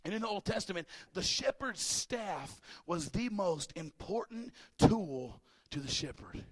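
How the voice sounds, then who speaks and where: A man preaching a sermon as pastor, animated, swinging from loud shouts to quiet, casual asides. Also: high voice, measured pace, slightly rough. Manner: casual, chatty asides with laughter.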